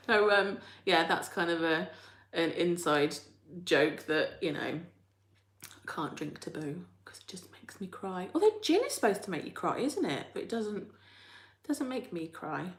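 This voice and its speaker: A woman's voice: fairly low pitch, animated, normal speed. A woman hosting a live chat, reading out viewer comments in a rambling, chatty way and laughing often. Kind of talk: casual chat. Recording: roomy echo.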